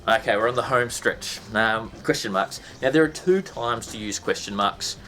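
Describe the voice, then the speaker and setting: A man's voice: on the low side, normal speed, bright, forceful tone, soft background music. A man teaching a casual lesson, chatty and full of ums and restarts, breaking into sound effects.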